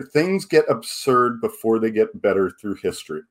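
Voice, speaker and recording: A man's voice: lowish voice, expressive, normal speed. A man hosting a podcast, chatting casually and asking his guest questions. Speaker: podcast host.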